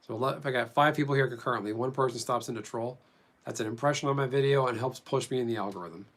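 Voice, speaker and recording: A man's voice: mid-range voice, fast talker, a bit bright. A man chatting casually with viewers during a live stream, rambling as he reads and answers them.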